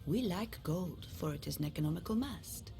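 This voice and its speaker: An actress playing a cool, reasoned dragon noblewoman in a video game, speaking in a measured, lofty way. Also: fairly low pitch, animated, gravelly, mellow, faint music behind.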